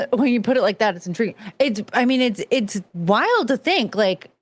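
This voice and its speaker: A woman's voice: fairly high pitch, expressive, moderate pace, dry recording. A woman hosting a casual stream, chatting frankly and crudely with viewers, giggling often.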